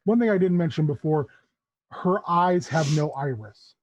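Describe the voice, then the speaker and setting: Brief: man running a tabletop game, a bit high, loose rambling narration, dry lo-fi mic. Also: animated, normal speed, a little mellow, a little hiss or hum. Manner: loose, rambling, many fillers. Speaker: game master.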